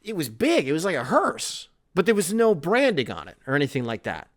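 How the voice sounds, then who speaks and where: A male podcast host in his thirties with a somewhat high, lively voice that bounces all over as he rambles. The talk is casual, comic, and peppered with swearing. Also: fairly quick. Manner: animated, profane, rambling. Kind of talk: casual comedic monologue.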